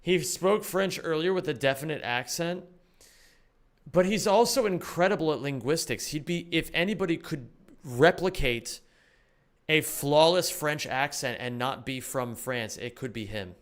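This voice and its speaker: A man reacting on a live stream, animated and thinking aloud with casual swearing. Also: fairly high pitch, measured pace.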